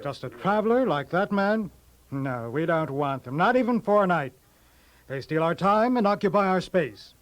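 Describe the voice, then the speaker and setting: A sneering, callous city man with a lively voice in an audio drama. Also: sits high, moderate pace, poor audio. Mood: smug. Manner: mocking, laughing. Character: smug, callous young Sodomite man. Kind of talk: dramatized audio Bible story.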